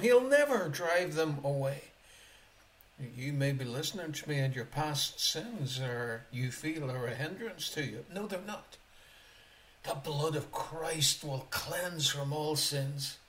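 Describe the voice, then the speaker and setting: A man preaching on his own podcast, reading verses aloud and driving each point home with sharp rises and drops. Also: a little high. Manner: slow, emphatic, rises and drops sharply for emphasis. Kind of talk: podcast sermon.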